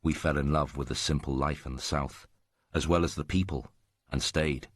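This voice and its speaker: A man voicing Ironheart Yang, a calm, handsome young man who speaks in a measured, earnest way. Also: extremely low pitch, dry recording, clean studio sound.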